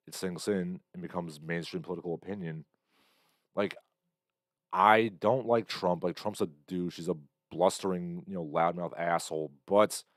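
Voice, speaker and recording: A man's voice: deep voice, no echo, clean studio sound. A man in his thirties hosting a casual livestream, talking bluntly in a rambling way with many fillers and reading out chat comments. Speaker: livestream host.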